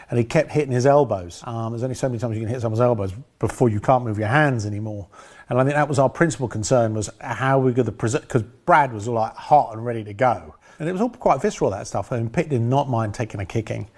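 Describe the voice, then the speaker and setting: A man's voice: mid-range voice, fast, a little mellow. A man, a film director, telling rambling anecdotes in an interview with dry humor.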